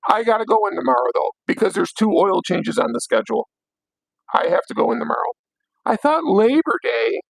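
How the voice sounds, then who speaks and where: A hoarse young man hosting a late-night livestream, ranting bluntly with plenty of swearing. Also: extremely high pitch, no echo, poor audio. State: hoarse, voice worn out. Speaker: livestream host.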